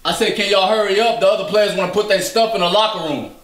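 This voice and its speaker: A man impersonating a loud, cocky basketball star who trash-talks his teammates in a very high, bright voice with lively swings. He yells constantly, and the echo of a bare room rings around him. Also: quick pace, a little hiss or hum. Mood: angry. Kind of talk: comedy sketch. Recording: echoey room.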